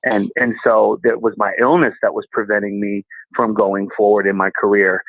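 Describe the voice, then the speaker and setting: A man who is a guest comedian, telling candid personal stories in a casual, animated way. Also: lowish voice, no room sound. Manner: candid and animated, with quick laughs. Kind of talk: casual storytelling. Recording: tinny phone-like line.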